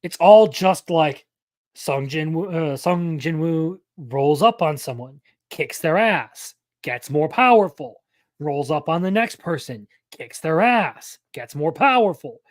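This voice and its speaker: A man's voice: fairly high pitch, lively intonation, takes it slowly, no echo. A young man hosting a live anime news stream, talking casually and rambling, often correcting himself mid-sentence.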